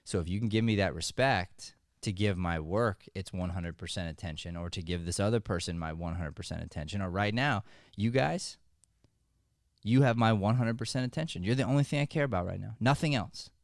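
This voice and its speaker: A man hosting a podcast as an acting coach, giving motivational advice in an energetic, joking, conversational way. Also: fairly low pitch, a little fast, no echo, studio quality.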